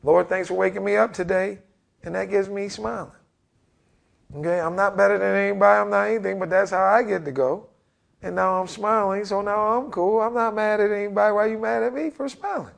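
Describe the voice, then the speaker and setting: Speaking a little fast in a gravelly voice, this forties-aged basketball head coach spins lively interview stories. He performs other people's lines with dramatic leaps in pitch.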